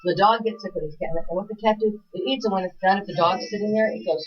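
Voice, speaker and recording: A woman's voice: mid-range voice, very fast, slightly rough. A woman co-hosting a local TV talk show, chatting in a rambling, talkative way and laughing often. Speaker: TV show co-host. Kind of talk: casual chat. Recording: dull lo-fi livestream audio.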